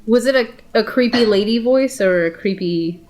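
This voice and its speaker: A woman's voice: on the high side, darkish tone, faint music behind. Blunt, foul-mouthed woman gaming. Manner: blunt and swearing, quick to laugh. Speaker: tabletop game player. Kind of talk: casual chat.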